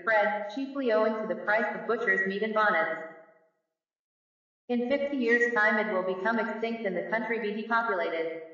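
Casting: a man doing a flippant young captain for a storybook, high and bright, heard distant. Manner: breezy, offhand. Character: jaunty young army captain, carefree and flippant. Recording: echoey, distant, dull-sounding recording.

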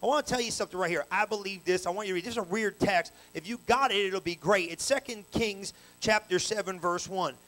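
A man preaching a sermon at a church service in a colloquial, storytelling way, full of slang, with energetic bursts that rise to loud peaks. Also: sits high, quick pace, hardly any pauses, rough recording.

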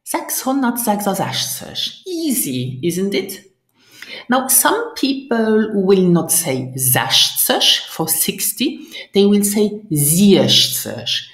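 A woman's voice: medium pitch, darkish tone, roomy sound. A woman, teaching a language lesson and coaching the listener through pronunciation and repetition. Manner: patient, coaching, models pronunciation and invites repetition.

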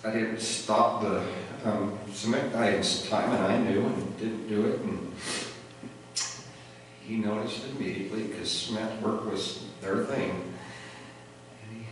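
A man's voice: lowish voice, fairly even intonation, unhurried. A middle-aged man giving an earnest, reflective funeral eulogy for a family member, with light laughter. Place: funeral chapel. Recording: echoey hall from far off, noisy.

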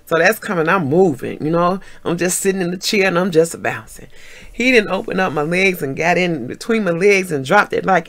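A middle-aged woman, telling a story in an animated vlog storytime, acting out what people said and laughing often. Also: lowish voice. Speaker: vlogger.

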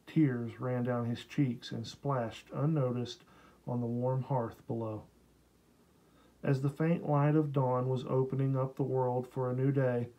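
A male audiobook narrator reads a historical novel at a steady, unhurried pace. His voice sits at a middling pitch with a dark, mellow tone. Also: poor audio. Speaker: audiobook reader. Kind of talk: scripted narration.

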